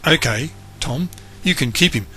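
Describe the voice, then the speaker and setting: A man's voice: on the high side, lively intonation, moderate pace, sharp tone, slightly rough, no echo, pitched above the performer's own voice, exaggerated voice. A man doing a busy, patient mum. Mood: gentle.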